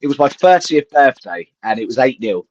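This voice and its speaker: Guy in his 40s umming through quiz answers, lively pitch, dull dry audio. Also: moderate pace, no echo. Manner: hesitant, thinks out loud. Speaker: co-host answering quiz questions. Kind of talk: casual football podcast chat.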